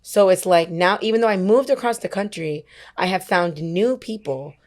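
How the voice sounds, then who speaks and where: A woman's voice: fairly low pitch, normal speed. A young woman in her twenties, a worship leader guest on a podcast, telling a personal story in casual chat and acting out what other people said. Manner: animated storyteller who acts out quoted dialogue; chatty, uses many fillers like "like" and "whatever".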